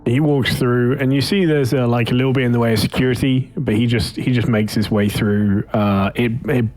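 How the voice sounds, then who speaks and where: A man's voice: mid-range voice, fairly even intonation, a little fast, darkish tone. A man playing his character at a tabletop role-playing game, casual and loose with frequent swearing. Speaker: player.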